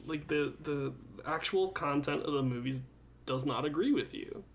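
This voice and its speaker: A man's voice: fairly high pitch, normal speed, a little hiss or hum. A man co-hosting a podcast in casual chat, laid-back and swearing, often laughing as he talks. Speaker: podcast co-host.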